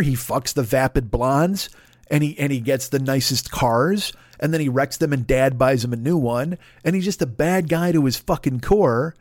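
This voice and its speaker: A man hosting a podcast, ranting in a loud, profane, mocking way and acting out other people's voices. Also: a little high, dry recording, clean studio sound. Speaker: podcast host. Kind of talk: profane political rant.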